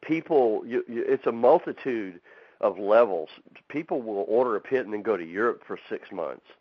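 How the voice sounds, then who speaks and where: A man's voice: lowish voice, lively intonation, moderate pace, dry recording. A man who owns a fab shop and builds barbecue pits, talking in a casual interview as a folksy storyteller. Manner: folksy storyteller, acts out quotes. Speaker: barbecue pit maker and fab shop owner. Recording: dull, lo-fi, dry.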